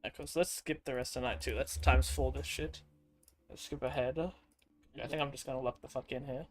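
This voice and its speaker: A man's voice: mid-range voice, fairly even intonation, moderate pace, a little hiss or hum. Guy streamer just chatting over a game, swears a lot, rambles. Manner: rambling, crude and profane. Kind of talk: casual chat over gameplay.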